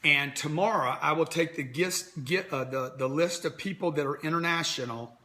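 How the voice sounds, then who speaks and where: A man in his fifties runs a motivational livestream as a business coach. He talks bluntly, like a salesman, in a bright, forceful voice that sits a little high for a man. He sounds like he is speaking into a phone. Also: normal speed. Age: 50s. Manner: brash, direct, salesy pitch.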